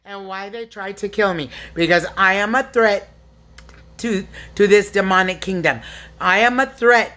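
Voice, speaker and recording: A woman vlogger in an agitated, unscripted monologue, talking low and steady between sudden high shrieked outbursts. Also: unhurried, shouting. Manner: talks low and steady, then breaks into high shrieked curses. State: agitated, at times crying out.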